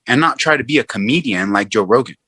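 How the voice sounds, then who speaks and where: A man's voice: medium pitch, quick pace, slightly rough, dry recording. A man who is a guest fighter in casual chat, talking emphatically and repeating himself for stress. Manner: emphatic, repetitive, animated delivery.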